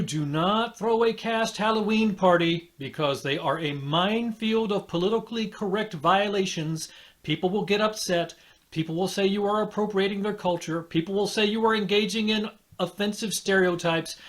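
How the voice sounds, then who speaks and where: A man playing an exasperated boss, lecturing his staff in a scripted comedy rant. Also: high-pitched. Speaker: boss scolding the cast.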